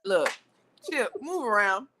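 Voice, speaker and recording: A woman's voice: fairly high pitch, animated, slow, sharp tone, a little hiss or hum. A young woman hosting a podcast, giving emphatic, preachy pep talk and repeating herself for stress. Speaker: podcast host. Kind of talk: casual motivational chat.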